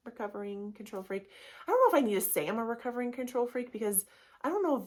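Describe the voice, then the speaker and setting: A woman in her thirties hosting a casual solo podcast, talking in a chatty, candid way and often acting out quick voices. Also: a little high, expressive. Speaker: podcast host.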